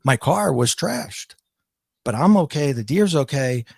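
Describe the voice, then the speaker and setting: A middle-aged man with a gravelly, creaky voice recounts a personal story as a podcast guest. He speaks reflectively and haltingly, often restarting and repeating words. The sound is dry and close. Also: mid-range voice, expressive, no room sound.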